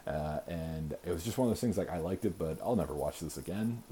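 A man's voice: low voice, expressive, a little fast, dark tone, slight background noise. A man in his thirties hosting a podcast, reviewing a movie in a casual, rambling way with lots of filler words and repeated starts. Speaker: podcast host.

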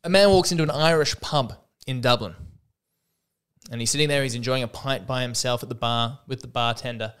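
A man's voice: mid-range voice, fairly quick, fairly bright tone, clear, resonant tone. A man hosting a solo comedy podcast, talking in a wry, self-mocking way and acting out the voices in his jokes. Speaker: podcast host.

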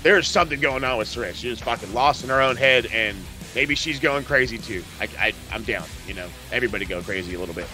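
A man's voice: mid-range voice, quick pace, few pauses, pushed and bright, soft background music. A man hosting a podcast, recapping wrestling in casual, profane, rambling chat. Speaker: podcast host.

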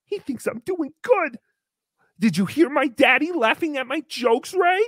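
Woman doing a grown man squealing like an excited little boy. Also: high voice, a little slow, dry recording, studio quality. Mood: giddy. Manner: gushing, squealing for his daddy.

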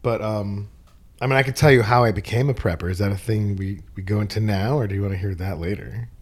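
Low-voiced joking male guest. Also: quick pace, breathy edge. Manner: self-deprecating, joking, plain explaining. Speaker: podcast guest. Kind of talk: casual interview chat.

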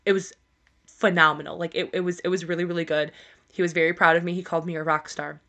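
A woman's voice: lowish voice, little pitch movement, quick pace, fairly bright tone. A woman co-hosting a podcast, telling a story in casual chat, swearing freely and laughing as she goes. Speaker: podcast co-host.

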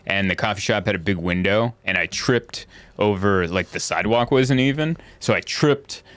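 A man's voice: fairly low pitch, moderate pace, fairly bright tone, no room sound. A man hosting a comedy podcast, chatting casually in a wry, self-deprecating way in a studio. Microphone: studio microphone.

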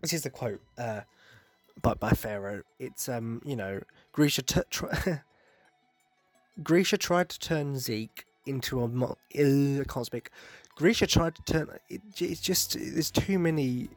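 A young man talks in a loose, rambling monologue as a podcast host. He is excitable and sweary, jumping between rants and self-mocking jokes at a mid-range pitch, with soft music faintly under him. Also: slow pace, no room sound.

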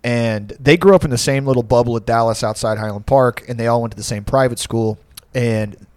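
A man's voice: medium pitch, brisk, a little mellow, no room sound. A man in his late twenties telling a rambling, profane story in casual chat, often breaking into laughter.

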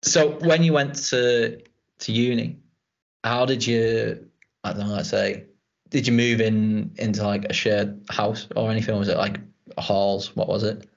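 A young man who hosts a podcast, talking in a relaxed, rambling way and swearing casually. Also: on the low side, a little slow, gravelly, highs cut off. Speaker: podcast host. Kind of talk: casual chat.

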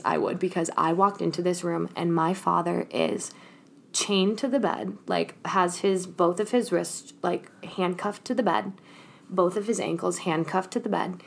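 A woman's voice: fairly low pitch, gravelly. A young woman hosting a podcast, telling a personal story in a candid, emotional way, with slang and frequent laughter. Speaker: podcast host. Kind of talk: casual storytelling chat.

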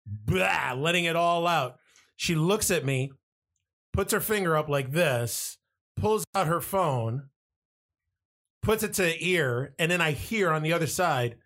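A man casually telling a funny personal story to friends, animated and swearing, often laughing as he talks. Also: on the high side, unhurried. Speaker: podcast co-host telling a story.

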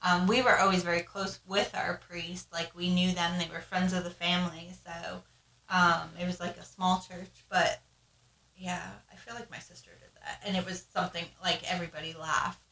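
Bright woman reading letters on a podcast. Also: on the low side, little pitch movement. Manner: reads aloud haltingly, then rambles with many fillers. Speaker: podcast co-host reading listener stories. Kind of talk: reading listener letters and casual chat. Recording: roomy echo.

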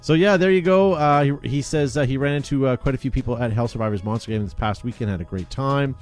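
A man's voice: medium pitch, fast, a little mellow, soft background music. A man hosting a casual chat show, talking in an upbeat, rambling way with plenty of fillers. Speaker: podcast host.

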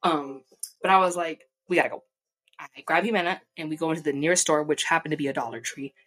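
A young woman vlogger casually telling a profane, animated story, acting out the people she quotes. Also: low voice, quick pace, slightly rough. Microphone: desk mic.

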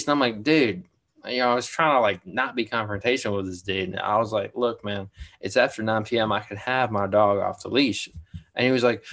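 Laid-back young man, low voice. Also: fairly quick, fairly bright tone. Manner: laid-back, says "dude" and "like" a lot. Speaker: podcast co-host. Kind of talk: casual chat.

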